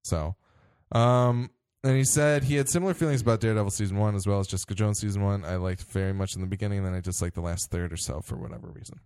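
A man with a somewhat low voice hosts a casual podcast, reading out listener mail with lively emphasis. He laughs easily. The sound is dry and close. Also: quick pace, hardly any pauses, clean tone, dry recording. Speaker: podcast host.

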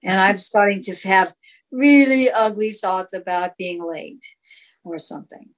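A woman with a mid-range voice speaks a little slowly as a guest in a casual interview, encouragingly explaining sound healing in a flowing style. She also demonstrates chanted tones. The audio is poor.

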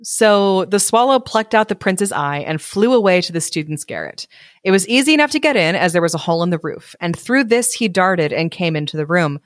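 A woman reads a storybook aloud in a lowish, close, dry voice. She stops now and then for joking, casual commentary. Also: expressive, brisk, no echo. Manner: breaks off reading for joking commentary. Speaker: podcast host reading a story. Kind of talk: storybook reading with casual chat asides.

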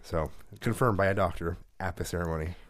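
Low-pitched and fairly fast, this male podcast co-host is recorded with no room sound. He rants profanely through a story during casual chat.

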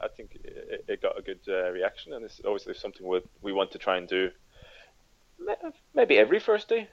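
A man co-hosting a football podcast, relaxed and wry, with halting restarts. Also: on the low side, no echo, lo-fi sound. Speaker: podcast co-host. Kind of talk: casual podcast chat.

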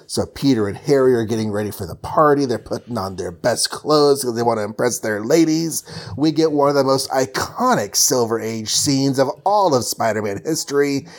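A man's voice: medium pitch, animated, normal speed. A man casually recapping a comic story, rambling and joking with many fillers. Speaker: podcast host recapping comics.

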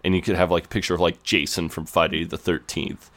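A man with a very low, deep voice co-hosts a chatty podcast. He recaps a TV episode with dry jokes and drops into quick quoted lines from the scenes. It is loose, casual conversation. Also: level tone, a bit bright. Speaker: podcast co-host.

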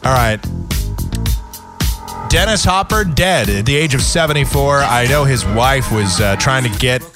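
A man hosting a casual comedic talk radio show, sarcastic and quick to laugh. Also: mid-range voice, animated, over music. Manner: sarcastic, joking, laughs often.

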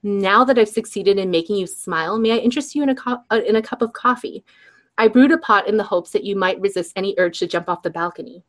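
A woman voices a confident young man who teases with a wry, easy charm, read aloud as a storybook character. The voice stays close to an ordinary speaking voice, pitched mid-range. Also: quick pace, natural voice. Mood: teasing. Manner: wry, teasing delivery. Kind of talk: audiobook reading.

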